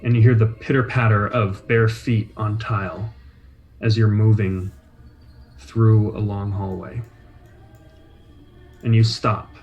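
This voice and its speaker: A man narrating a tabletop game as game master, describing scenes in a measured, atmospheric way. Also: fairly low pitch, darkish tone, muffled recording. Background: faint soundtrack music.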